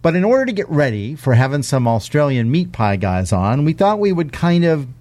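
A man's voice: a little high, very animated, brisk, mellow. A man co-hosting a casual podcast chat, telling stories in a wry, self-deprecating way. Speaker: podcast co-host. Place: Texas.

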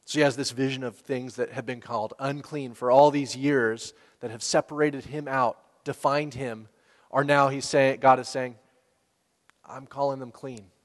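Male pastor, mid-pitched, chatty sermon delivery, long reverb tail. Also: fairly even intonation, normal speed. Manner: conversational, with laughs and rhetorical questions.

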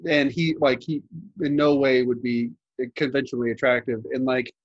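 A young adult male podcast co-host with a mid-range voice keeps a steady tone at normal speed. He rambles casually, using lots of fillers and restarts, while the recording has its highs cut off.

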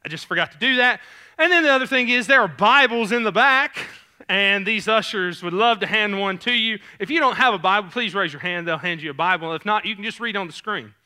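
A man's voice: high voice, brisk, pushed and bright, clean tone. A man with a Southern US accent, a youth pastor preaching a sermon in a casual, conversational way with many fillers. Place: church sanctuary stage.

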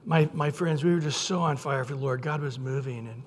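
A man preaching a sermon as pastor, earnest and storytelling, with sudden loud quoted outbursts. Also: mid-range voice, a little fast. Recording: long hall reverb.

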